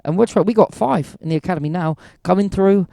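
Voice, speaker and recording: A man's voice: high-pitched, fast talker, vocal fry, mellow, no room sound, clean studio sound. A man talking as a guest in a casual interview, rambling and enthusiastic, full of restarts. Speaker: wrestling promoter, guest.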